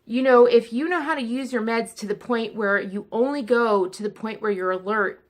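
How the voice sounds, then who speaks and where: A woman vlogging in a candid, chatty way to her viewers, in pain and fidgety as she talks. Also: fairly high pitch. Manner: candid, chatty, speeding up and slowing down. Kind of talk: casual chat to camera.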